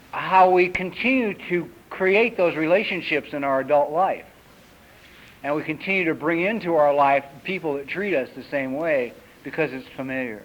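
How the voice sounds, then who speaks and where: A man in his fifties, a recovery meeting speaker, gives a personal talk full of lively storytelling and acted-out characters, on an old 1980s tape recording. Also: fairly high pitch. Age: 50s. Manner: lively storyteller who acts out characters in raised voices. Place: retreat meeting hall. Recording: dull lo-fi 1980s tape recording with faint hiss.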